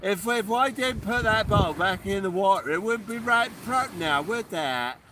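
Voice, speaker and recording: A man's voice: sits high, lively intonation, moderate pace, pushed and bright, distant mic, a little hiss or hum. A man doing a broad Somerset country yokel voice. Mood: mock-solemn. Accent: put-on Somerset.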